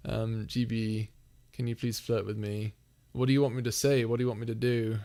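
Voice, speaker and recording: A man's voice: mid-range voice, flat delivery, a little fast, mellow. A young man hosting a casual live Q&A, reading chat messages aloud and laughing often. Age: young adult. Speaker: livestream host.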